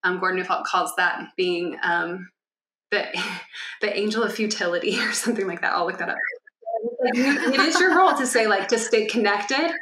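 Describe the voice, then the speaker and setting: Bright-voiced woman podcast co-host. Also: medium pitch, moderate pace, echoey room, a little hiss or hum. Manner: animated, acts out children's voices. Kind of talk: casual explanatory chat.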